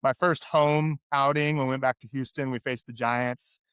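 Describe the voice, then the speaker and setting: A middle-aged man from California, a podcast guest and former pro athlete, telling candid stories in an animated, chatty way. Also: medium pitch, moderate pace, smooth, no room sound, studio quality. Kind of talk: interview storytelling.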